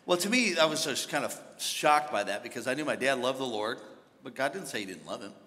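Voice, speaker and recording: Pastor, man, sermon delivery; bright, forceful tone, rising to shouts, church reverb. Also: mid-range voice, animated, a little fast. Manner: storytelling, builds to shouting. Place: large church hall. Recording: hall reverb from a big church.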